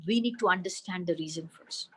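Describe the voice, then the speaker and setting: A woman's voice: lowish voice, fairly quick, slightly rough, rough recording. A woman with an Indian accent, speaking as an expert answering parents' questions in a webinar over a video call, explaining patiently and slipping into Hindi phrases. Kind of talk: webinar Q&A advice.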